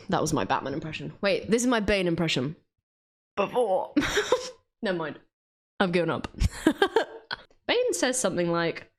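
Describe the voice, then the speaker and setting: A woman's voice: fairly low pitch, animated, unhurried, long pauses. Chatty woman with a bouncy voice. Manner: chatty, self-mocking, laughs often. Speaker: art vlogger. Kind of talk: casual drawing commentary.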